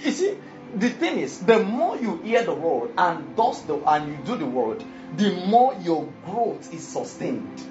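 Over background music, an emphatic preacher keeps asking listeners if they're following along. The voice sits at medium pitch, very animated and unhurried, captured in dull lo-fi quality.

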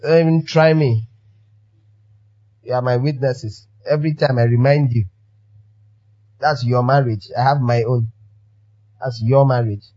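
A man's voice: medium pitch, steady tone, unhurried, long pauses, warm tone. Pastor guy preaching, keeps repeating himself for punch, muffled lo-fi sound. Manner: emphatic, repeating phrases for effect. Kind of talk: sermon.

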